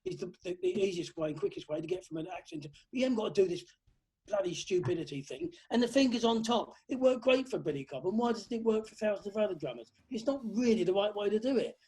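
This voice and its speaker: A man's voice: high-pitched, sing-song, fast talker, dark tone. A man talking as a guest drummer on a video call, giving blunt, emphatic advice and singing drum patterns aloud. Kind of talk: lockdown video call interview.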